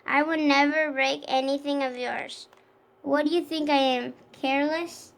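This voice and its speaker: Loud, clumsy starfish buddy from a storybook, as a woman reads him, high voice. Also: fairly even intonation, unhurried, vocal fry. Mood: upset.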